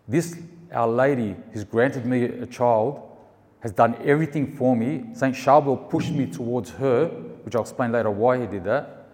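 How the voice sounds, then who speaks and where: Man, casual testimony speaker, animated storyteller, middle pitch, heard with long room reverb. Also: normal speed. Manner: animated storytelling, acts out the people he quotes. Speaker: storyteller sharing a faith testimony.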